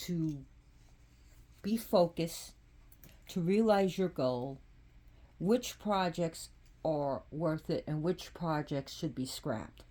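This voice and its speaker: Slow, halting woman explaining spiritual cards. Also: deep voice, mellow. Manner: unhurried and halting, with frequent restarts. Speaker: spiritual practitioner presenting oracle cards. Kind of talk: casual spiritual vlog explanation.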